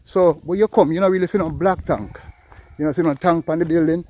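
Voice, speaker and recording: A man's voice: fairly high pitch, a little fast. A Jamaican man chatting casually in patois as he walks a hillside road for his vlog, rambling and calling out greetings. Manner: lively, rambling patois talk, calls out greetings to passers-by. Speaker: vlogger. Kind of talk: casual walking vlog chat.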